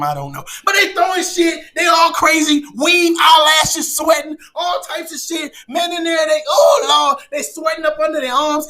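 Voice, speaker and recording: A man with an extremely high voice performs an animated comedic monologue, shouting and preaching his story and tossing in laughing asides.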